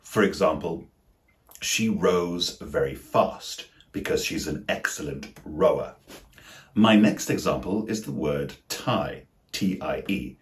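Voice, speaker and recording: A man's voice: low-pitched, animated, takes it slowly. A man with a British English accent teaching a video lesson on English words, spelling them out letter by letter.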